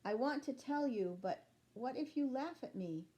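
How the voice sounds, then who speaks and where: A woman's voice: sits high, lively intonation, moderate pace, dark tone, voice pushed up. A woman reading aloud and voicing a shy, grumpy hot dog who gives curt, exasperated replies in a children's storybook. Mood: gentle.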